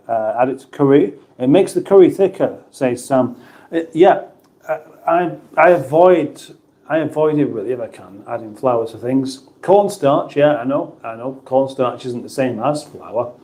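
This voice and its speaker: Here the livestream host, a middle-aged UK man, has a mid-range voice with a slightly dark tone. He rambles casually through comments from his viewers, full of restarts and banter.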